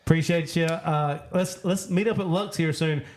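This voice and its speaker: A man's voice: a little high, fairly even intonation. Joking podcast host, a man. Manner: loose and joking, with drawn-out filler pauses. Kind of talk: casual chat.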